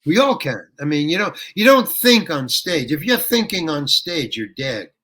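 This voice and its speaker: Older man, rambling and bright-toned. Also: on the high side, big pitch swings, normal speed. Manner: rambling anecdote with restarts, bursts into ranting. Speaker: guest actor. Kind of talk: interview storytelling.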